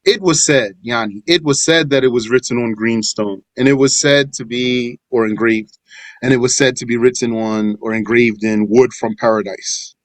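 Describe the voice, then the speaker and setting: A man teaching a scripture lesson. He recites verses in Arabic, then explains them in English in a measured way. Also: mid-range voice, no room sound, rough recording. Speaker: religious teacher.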